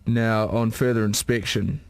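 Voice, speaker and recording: A man's voice: on the low side, steady tone, unhurried, creaky, clear, resonant tone, no echo. A New Zealand man, a radio host, making a prank phone call in a hesitant, stammering, officious way.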